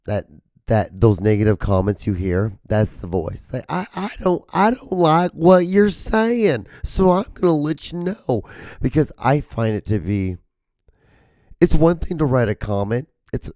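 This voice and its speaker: A hoarse man who is losing his voice, rambling jokily and with profanity as host of a solo podcast. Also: mid-range voice, mellow, dry recording, clean studio sound. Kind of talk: solo comedic rambling monologue.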